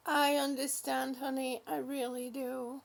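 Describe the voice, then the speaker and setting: A woman's voice: high voice, level tone, unhurried, creaky. A woman hosting a casual livestream, chatting affectionately with viewers and calling them honey and sweetie. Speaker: livestream host. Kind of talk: casual livestream chat reading viewer comments.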